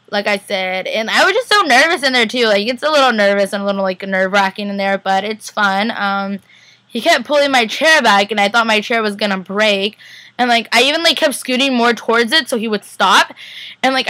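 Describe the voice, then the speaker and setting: A young woman vlogging in a casual, chatty recap, pitched a little high and talking quickly. She rambles with constant "like"s and slips into acting out what people said. The sound is dry and close. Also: bright, forceful tone, no echo. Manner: rambling, heavy use of "like", acts out quotes.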